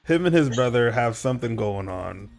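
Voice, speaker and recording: A man's voice: mid-range voice, lively intonation, fairly quick, a little mellow, soft background music. A man hosting a podcast, asking short prompting questions in a casual way. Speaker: podcast host.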